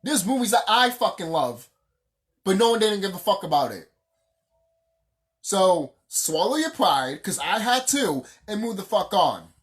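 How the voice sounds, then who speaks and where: Profane vlogger ranting with swinging pitch. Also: big pitch swings, a little slow. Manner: profane, heated and emphatic, repeats phrases for stress. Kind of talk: casual unscripted rant.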